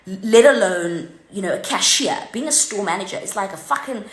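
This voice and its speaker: Profane, animated woman. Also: medium pitch, normal speed. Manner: animated, heavily profane, tells a story with many fillers. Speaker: vlogger. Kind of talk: unscripted ranting anecdote. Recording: roomy echo.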